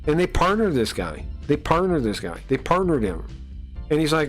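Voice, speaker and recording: A man's voice: a little high, very animated, moderate pace, soft background music. A man live-streaming and ranting to his chat, incredulous and exasperated, with lots of fillers. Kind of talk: casual live-stream rant.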